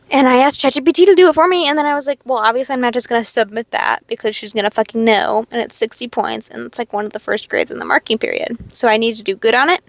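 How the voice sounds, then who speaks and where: A high school senior girl in her late teens, rambling casually in a stream-of-consciousness monologue, swearing freely and second-guessing herself. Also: a bit bright, dry recording. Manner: rambling, swearing, self-questioning. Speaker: podcast host.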